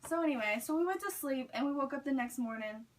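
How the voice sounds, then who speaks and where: A woman's voice: sits high, lively intonation, quick pace. A young woman telling a story in a chatty way, filling her sentences with "like". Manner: chatty, many "like" fillers. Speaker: student speaker. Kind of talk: storytelling speech. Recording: recorded from a distance.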